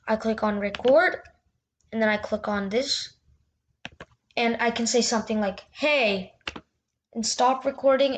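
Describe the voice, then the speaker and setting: A woman with a fairly high voice hosts a casual screen-recorded tutorial, with slight noise in the background. She talks in a chatty, loose way, restarting sentences and dropping little fillers like "yeah."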